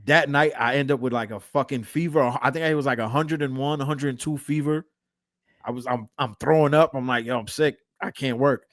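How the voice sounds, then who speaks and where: A man's voice: medium pitch, steady tone, brisk, dry recording, studio quality. A man co-hosting a podcast, telling stories in loose, profane casual chat. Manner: profane, laid-back storyteller. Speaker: podcast co-host.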